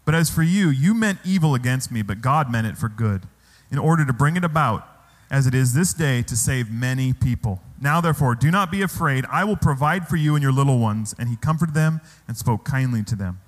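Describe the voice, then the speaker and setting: A man's voice: mid-range voice, expressive, fairly quick, few pauses. A man preaching a sermon as pastor in a church, asking the congregation rhetorical questions. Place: church hall. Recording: long hall reverb.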